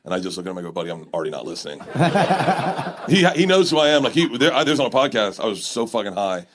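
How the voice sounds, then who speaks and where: A man, a guest comedian, telling fast rambling stories in casual podcast banter, laughing often. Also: mid-range voice, very animated, background noise.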